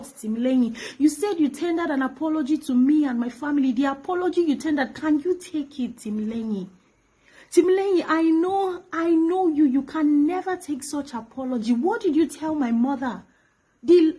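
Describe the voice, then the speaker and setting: Young Nigerian woman, high voice, emotional direct-to-camera message, accusatory with whispered asides. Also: dark tone, rough recording. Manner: pleading and accusatory, drops to whispers. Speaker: actress addressing her former pastor. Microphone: phone camera.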